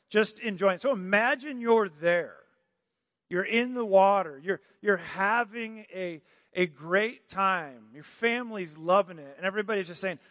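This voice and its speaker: A man's voice: high-pitched, fairly bright tone, no echo, studio quality, big-room sound. A man preaching a sermon, talking casually and asking the congregation questions. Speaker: pastor.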